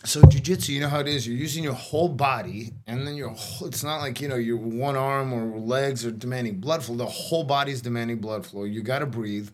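A man's voice: medium pitch, a little fast, hardly any pauses, crowd noise. A middle-aged man telling a long story in casual chat, rambling with many "like"s and restarts, with a cough now and then. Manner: rambling, lots of "like" and "you know", restarts.

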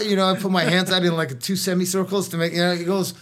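A man's voice: fairly high pitch, fast talker, few pauses, a bit bright. Middle-aged male guest, chatty rambling storyteller, fillers and restarts, slight cough. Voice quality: coughing now and then. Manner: rambling, lots of "like" and "you know", restarts. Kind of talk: casual storytelling chat.

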